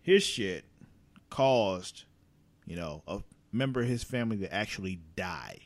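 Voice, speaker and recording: A man with a deep voice takes his time chatting about a TV episode. He swears a lot, stays animated, and quotes the characters' lines by acting them out.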